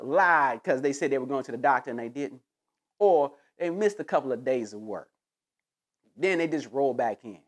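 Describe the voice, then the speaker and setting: A man rants to camera in loose, slangy talk, mocking and emphatic. His pitch swings up and down all the time, and he hits his points hard. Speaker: commentator. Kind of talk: casual rant to camera.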